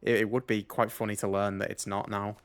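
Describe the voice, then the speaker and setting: A man's voice: on the low side, little pitch movement, brisk. A man giving casual gameplay commentary as a let's play host, muttering his moves to himself, upbeat, with the odd swear.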